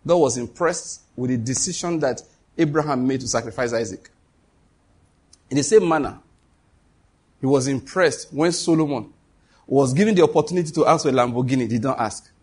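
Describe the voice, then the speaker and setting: A middle-aged man, preaching a sermon to a congregation and leading call-and-response, animated and quick to laugh. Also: medium pitch, slightly rough. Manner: animated, laughs often, shifts to quoted voices. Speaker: pastor. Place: church hall before a congregation.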